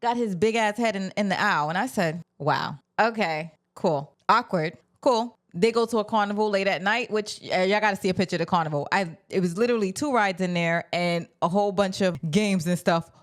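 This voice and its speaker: A woman recapping a film plot casually, sassy and animated, acting out the characters' lines with her own reactions. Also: mid-range voice, quick pace, few pauses. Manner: sassy, animated storytelling with acted-out quotes. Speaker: film reviewer. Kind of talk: casual spoken movie review.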